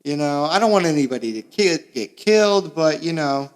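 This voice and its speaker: A young man from Florida hosting a podcast, delivering a crude, sarcastic comedic monologue that swings between mumbling asides and loud bursts. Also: on the high side, expressive, moderate pace. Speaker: podcast host. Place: small makeshift home recording space.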